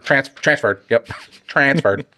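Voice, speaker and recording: Stuffy-nosed sarcastic man, deep dry voice. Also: a little fast, no echo. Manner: joking, sarcastic, reads listener letters aloud. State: stuffy nose. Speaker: podcast co-host. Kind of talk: casual podcast banter.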